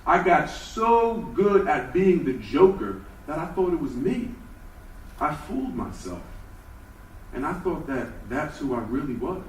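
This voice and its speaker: A man's voice: fairly high pitch, sing-song, a little slow, slight background noise. Man telling his story in a roomy hall. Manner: storytelling, shifts between hushed and emphatic. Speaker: speaker. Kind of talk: personal motivational talk. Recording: roomy hall from far off with faint ambience.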